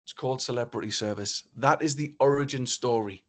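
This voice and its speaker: A man from northeast England giving a motivational keynote talk, telling a story in an animated, theatrical way. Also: mid-range voice, brisk. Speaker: keynote speaker.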